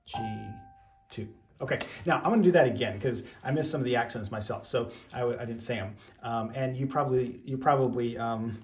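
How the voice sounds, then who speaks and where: A man giving an online piano lesson, explaining each step patiently with plenty of ums and okays. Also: mid-range voice. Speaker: piano teacher. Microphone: camera mic.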